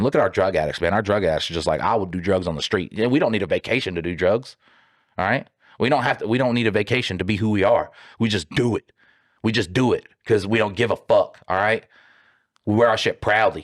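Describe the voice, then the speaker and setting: A man from the United States rants on a podcast with a fairly low voice. He mocks and swears heavily, and drops into silly put-on voices. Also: fast talker. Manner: loud, mocking, heavy swearing, puts on silly voices. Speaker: podcast co-host. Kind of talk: profane comedic rant.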